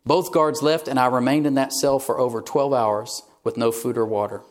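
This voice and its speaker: A man's voice: mid-range voice, steady tone, moderate pace. A male pastor delivering a sermon, telling a story in a conversational way and reading quoted passages aloud.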